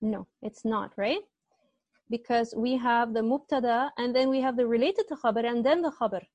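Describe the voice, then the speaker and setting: A woman's voice: fairly high pitch, normal speed, a little mellow, no room sound. A woman teaching an online Arabic grammar class, explaining step by step and often checking with students, with a slight cough.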